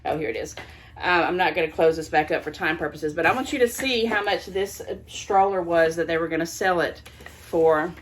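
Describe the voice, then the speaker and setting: An older woman chats on camera at home about her bargain finds, laughing often and pausing to wrestle with the items. Her voice sits on the low side for a woman. A faint hiss runs underneath the recording. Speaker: thrift haul vlogger. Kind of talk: casual haul video chat.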